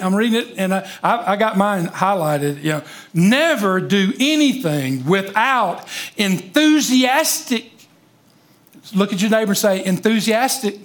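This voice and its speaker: A man preaching a sermon to a live congregation, talking emphatically, calling out to the listeners and repeating words as he gets going. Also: high-pitched. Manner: emphatic, engages congregation directly; repeats and restarts words when excited. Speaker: pastor.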